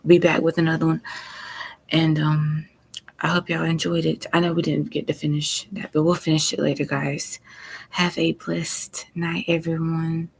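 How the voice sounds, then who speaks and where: A woman hosting a live stream, signing off to her viewers in a relaxed, informal way. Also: deep voice, gravelly, husky, poor audio. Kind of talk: casual sign-off to viewers.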